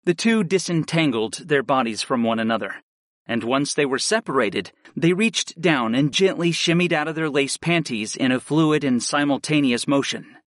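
A man reading a first-person story aloud in a steady, measured narration style. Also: on the high side, dry recording, studio quality. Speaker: audiobook narrator.

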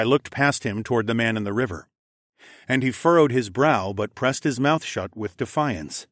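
Brief: male audiobook narrator, mid-pitched, steady and measured, dry close mic. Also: dry recording. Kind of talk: scripted first-person narration.

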